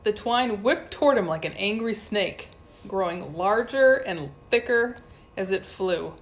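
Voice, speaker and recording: A woman reading a first-person adventure story aloud with lively storytelling. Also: mid-range voice, measured pace. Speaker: audiobook narrator. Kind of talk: first-person audiobook narration.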